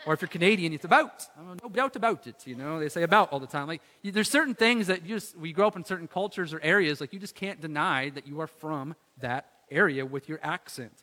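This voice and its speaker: A man's voice: a little high, quick pace, few pauses, bright, forceful tone, long reverb tail. A man preaching a sermon in a conversational way, with filler words and rhetorical questions. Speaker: pastor.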